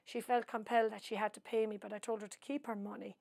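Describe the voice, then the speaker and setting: A woman's voice: medium pitch, little pitch movement, quick pace, creaky, darkish tone, no echo. A woman from Ireland with an Irish accent, telling a rambling personal story for an oral history project, full of asides. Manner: long-winded storyteller who adds asides. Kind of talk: rambling spoken recollection.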